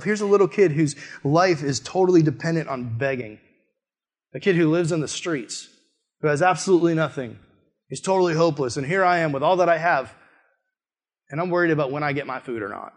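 Animated young man preaching. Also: fairly quick. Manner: animated storytelling, often rising high and loud in quoted outbursts; casual, peppered with "like". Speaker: missionary preacher. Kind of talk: sermon with personal story.

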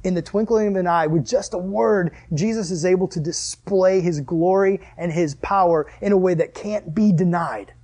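A young man preaching to a youth group, telling a story with lively acted-out exclamations and then reading scripture. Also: high-pitched, moderate pace, hardly any pauses. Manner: animated storyteller, acts out dialogue with loud exclamations. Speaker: youth pastor.

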